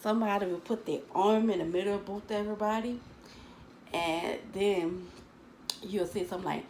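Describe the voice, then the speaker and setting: A woman's voice: mid-range voice, steady tone, moderate pace, noisy background. A woman telling a story from her school days to her viewers in a chatty, dramatic way, calling them girl and baby. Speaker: storytime vlogger.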